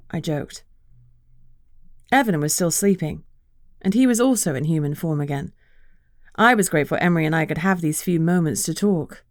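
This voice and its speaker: Low-voiced woman narrating an audiobook. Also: moderate pace, pauses often, darkish tone, no room sound, studio quality. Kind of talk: first-person fantasy narration.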